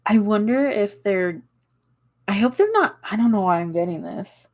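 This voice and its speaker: A woman's voice: mid-range voice, animated, normal speed, darkish tone. A young woman giving a casual tarot reading, rambling and searching for words with many fillers and little laughs. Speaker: tarot reader.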